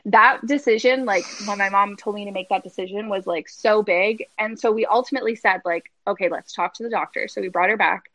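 A woman's voice: mid-range voice, fairly quick, hardly any pauses, rough recording. A young adult woman hosting a podcast, telling a story in casual chat with lots of "like" fillers. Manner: animated storytelling, many "like" fillers. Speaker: podcast host.

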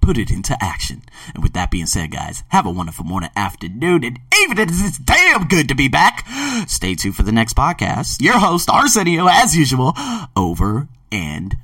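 A man hosting a podcast and reviewing a book, talking emphatically and swinging between loud outbursts and low murmurs. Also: huge pitch swings, normal speed, dry recording, recorded from a distance. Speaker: podcast host. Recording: dry, set back from the mic.

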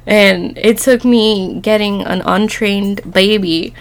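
Chatty young woman with a gravelly voice. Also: medium pitch, fairly even intonation, takes it slowly. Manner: chatty, laughing often, quoting others in dialogue. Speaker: vlogger. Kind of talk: casual storytelling.

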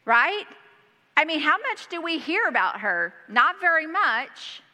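Bright-voiced woman pastor preaching. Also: high-pitched, a little slow. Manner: reads scripture aloud and breaks in with lively asides. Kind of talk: sermon. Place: church hall. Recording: long hall reverb.

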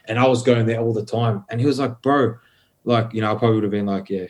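A man's voice: fairly low pitch, fairly even intonation, very fast, a little mellow. A young man, a podcast guest, telling his story in a loose, filler-heavy way and swearing freely. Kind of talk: casual conversational storytelling.

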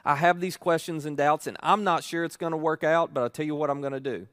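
A man's voice: fairly high pitch, steady tone, fast, a bit bright, clean tone, no echo, studio quality. A middle-aged male pastor preaching a sermon in an earnest, emphatic way, building on repeated phrases.

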